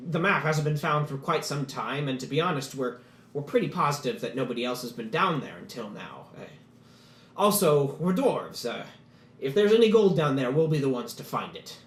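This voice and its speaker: A man's voice: a little high, sing-song, normal speed. A man voicing a nervous male dwarf who stammers and stumbles over his words as he pleads politely, in an echoey room. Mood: nervous pleading.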